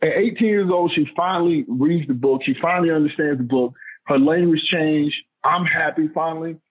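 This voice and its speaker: A man's voice: a little high, a little fast, breathy edge. Emphatic man telling a story over tinny audio. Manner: animated storyteller, repeats himself, emphatic. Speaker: guest, former pro football player. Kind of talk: casual storytelling interview.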